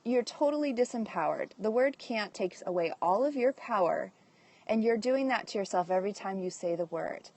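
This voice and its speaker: A woman's voice: medium pitch, expressive, normal speed, a little mellow, dry recording. A woman hosting a casual live stream from home on her phone, upbeat and reading out viewer comments as she talks. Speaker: livestream host and direct-sales leader. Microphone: phone livestream.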